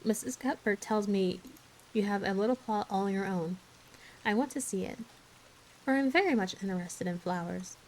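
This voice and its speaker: Woman reading as a gentle kindly lady. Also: medium pitch, normal speed, a little hiss or hum, lightly acted, poor audio. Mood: soothing. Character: gentle kind minister's wife.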